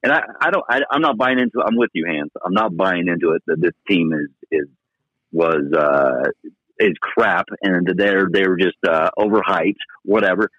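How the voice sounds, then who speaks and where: A man hosting a sports radio talk show, animated and rising sharply when he makes a point. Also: low voice, normal speed, no room sound. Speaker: host. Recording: dull lo-fi line.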